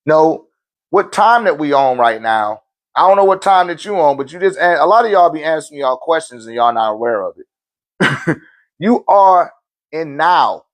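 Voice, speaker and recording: A man's voice: a little high, animated, moderate pace. A man teaching on a live-stream Q&A in loose, slangy talk, often checking in with his listeners. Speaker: spiritual teacher answering viewer questions.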